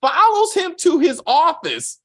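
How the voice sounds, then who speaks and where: A man's voice: very high-pitched, unhurried, slight background noise. A man reviewing a TV series in casual, profane chat, mocking the plot with acted-out quotes. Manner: animated, swearing, mocking retellings with acted quotes. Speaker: TV show reviewer.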